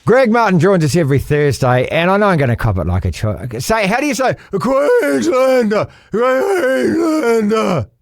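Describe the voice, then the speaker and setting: A man hosting a casual sports chat, bantering with plenty of quick restarts. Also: fairly high pitch, big pitch swings, no echo, clean studio sound. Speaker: podcast host.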